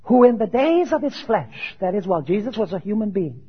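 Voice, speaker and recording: With an expressive, husky voice, a man preaches a little fast and with few pauses. He asks his audience questions and answers them himself, loud for quoted scripture and low for the questions. The recording has a dull, lo-fi tone.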